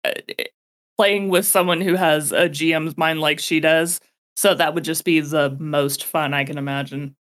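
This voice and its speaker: A woman co-hosting a podcast, chatting casually in an articulate, expressive way. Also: sits low, moderate pace. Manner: articulate, expressive, bursts into laughter. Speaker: podcast co-host. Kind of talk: casual chat.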